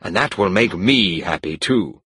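Man doing a pushy gentleman suitor, slow and pleading, deep husky voice. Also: expressive, no room sound, heavily acted.

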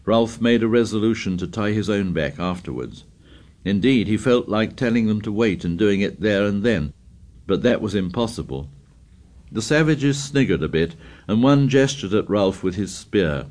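A man reading a novel aloud in steady, scripted narration. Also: on the low side. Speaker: audiobook narrator.

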